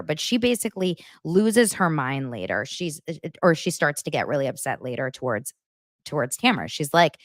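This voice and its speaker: A woman's voice: fairly low pitch, no room sound, clean studio sound. A woman hosting a chatty reality TV gossip recap, talking straight to her viewers. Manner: animated, chatty, addresses viewers directly. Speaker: host.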